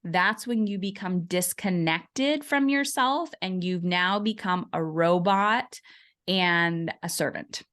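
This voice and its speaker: Woman in her forties, podcast guest, lively storyteller who acts out quoted voices. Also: lowish voice, slow pace. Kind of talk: conversational interview.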